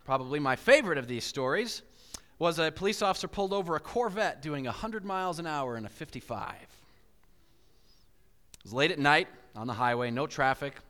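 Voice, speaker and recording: A man preaching a sermon, telling stories in an animated way and acting out inner voices with big swings. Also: fairly high pitch, brisk. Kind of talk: sermon with storytelling. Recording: hall reverb.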